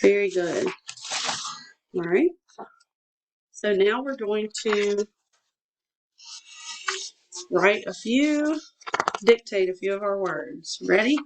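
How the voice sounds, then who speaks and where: A woman teacher giving a one-on-one dictation lesson. She speaks very slowly and steadily, sounding out each syllable with patient encouragement. Her voice sits at a middle pitch. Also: expressive, a little hiss or hum, rough recording. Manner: slow, patient, encouraging, spells words out by syllable.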